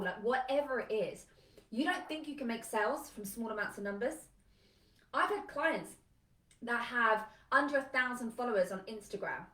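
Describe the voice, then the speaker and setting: A woman business coach giving an energetic, emphatic live talk, chatty and full of "like". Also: on the high side. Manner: energetic, emphatic, conversational with lots of "like". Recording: echoey room, a bit far from mic.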